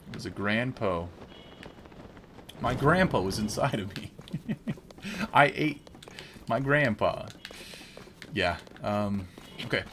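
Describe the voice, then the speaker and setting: A man talks through his gameplay in an unhurried, relaxed drawl, tossing jokes and wordplay at his chat. His voice sits somewhat low. Steady background noise runs under the recording. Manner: playful, jokey, chatting with viewers. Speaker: game streamer. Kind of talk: casual gameplay commentary.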